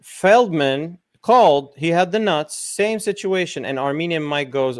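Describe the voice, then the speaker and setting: A man's voice: a little high, lively intonation, unhurried, hardly any pauses, clear, resonant tone, no room sound. Man with a mid-range voice, dry mic, eager casual chat. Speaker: poker podcast panelist.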